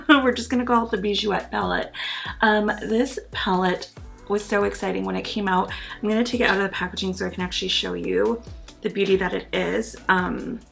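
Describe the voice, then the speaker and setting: Woman vlogger, eager and chatty, slight gravel in the voice, soft background music. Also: medium pitch. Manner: chatty and enthusiastic, frequent ums and laughs. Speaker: beauty vlogger. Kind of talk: casual product review.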